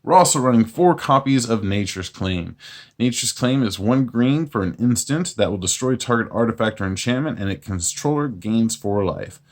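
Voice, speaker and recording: A man hosting his own channel, walking through a card game deck in a relaxed, plain-spoken way with self-mocking jokes. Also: medium pitch, normal speed. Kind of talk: casual deck walkthrough.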